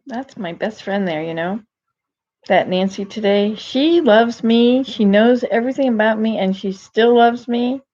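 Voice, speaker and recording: An older woman talking casually on a live stream, rambling and digressive with many restarts, gentle and self-deprecating. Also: fairly high pitch, muffled recording. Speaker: vlogger.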